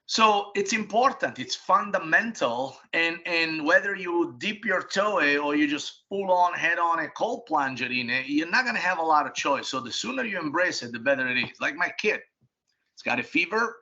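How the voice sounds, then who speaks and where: A man's voice: on the high side, animated, normal speed, bright, forceful tone. A middle-aged man, a restaurant company boss, answering interview questions bluntly at home, with emphatic restarts and some casual swearing. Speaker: restaurant group CEO, interview guest. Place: home office. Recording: dull lo-fi sound.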